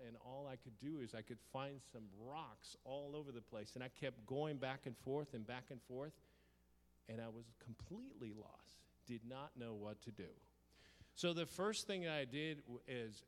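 A man preaching through a personal story, lively and theatrical, breaking into the voices of the people in it. His voice sits at an ordinary middle pitch. It rings out into a long hall reverb. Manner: lively, acts out his own shouts and dialogue. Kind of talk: storytelling sermon.

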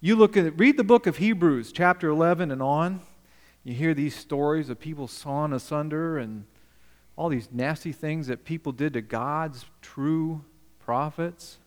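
A male pastor preaching a sermon, emphatic, questioning the congregation and swinging between loud and quiet. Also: on the high side, a little slow, in a large hall.

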